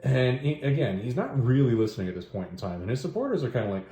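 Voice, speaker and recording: The host of a stories-and-comics review show speaks quickly in a mid-range voice, barely pausing. He recaps a story casually, rambling and cracking jokes in an animated way, with roomy echo on the recording.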